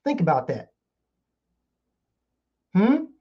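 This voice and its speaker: A man's voice: sits high, wildly swooping pitch, extremely slow. A man giving a heated casual lecture, reading out articles and asking rhetorical questions again and again. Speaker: online show host. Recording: dull lo-fi sound.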